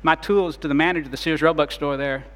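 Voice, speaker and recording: Man, pastor, sermon, dramatic swings between loud and soft, slightly high voice, long reverb. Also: steady tone, fast.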